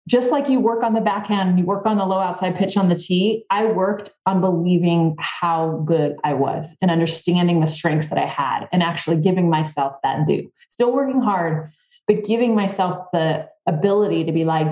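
A woman guest on a podcast, telling a story in a casual, animated way with a lot of "like". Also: fairly low pitch, moderate pace, roomy sound, lo-fi sound. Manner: animated, fillers with "like", acts out her own thoughts. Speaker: podcast guest, former softball player.

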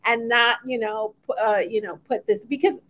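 A woman's voice: on the high side, fairly even intonation, normal speed, fairly bright tone. A woman co-hosting a casual faith discussion, reflective and conversational, with many "you know" fillers.

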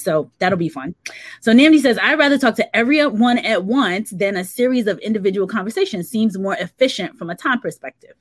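A woman's voice: fairly low pitch, no echo. A woman co-hosting a casual livestream, reading out viewer comments and laughing often. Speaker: co-host reading live chat.

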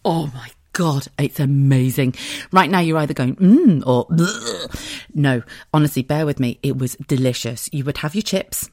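A woman's voice: extremely low pitch, normal speed, darkish tone, no room sound, studio quality. A woman in her thirties from southern England, hosting her podcast in a chatty, giggly, storytelling way. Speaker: podcast host. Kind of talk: casual chat.

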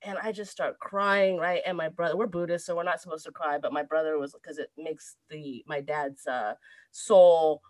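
A woman in her thirties with a somewhat low voice, telling a story in a relaxed chat. She talks in an animated, expressive way. The sound is dry and close. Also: moderate pace, no room sound. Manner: animated storyteller, laughs through a sad tale. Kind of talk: casual chat.

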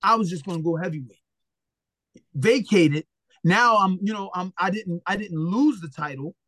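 A man with a notably high speaking voice, recorded close and dry with no room sound. He tells his stories as an interview guest in a blunt, animated way, full of profanity, and slips into the voices of the people he quotes. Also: moderate pace, dry recording. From Philadelphia, USA. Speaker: retired boxer, interview guest. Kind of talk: casual storytelling interview.

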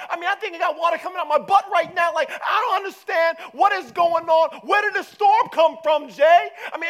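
A man voicing a panicked male disciple caught in a storm, shouting frantically in casual slang. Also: extremely high pitch, voice pushed up.

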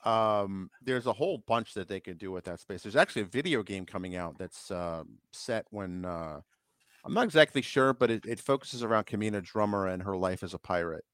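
A man with a low voice co-hosts a casual tech podcast. He chats eagerly and geeks out, with frequent ums and restarts. The sound is dry and close. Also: expressive, brisk, fairly bright tone, no room sound. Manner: enthusiastic, geeky, many fillers. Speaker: podcast co-host. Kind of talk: casual chat.

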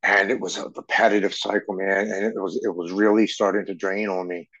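A man's voice: sits low, level tone, a little fast, fairly bright tone, dull audio. A man in his forties, a podcast guest telling a personal story in an earnest way, often stumbling and repeating words. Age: 40s.

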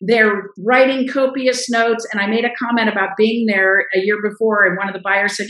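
A middle-aged woman, a guest in a casual interview, telling stories lively and acting out what others said. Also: mid-range voice, a little fast, few pauses, reverberant, poor audio. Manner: animated storyteller, acts out quoted voices.

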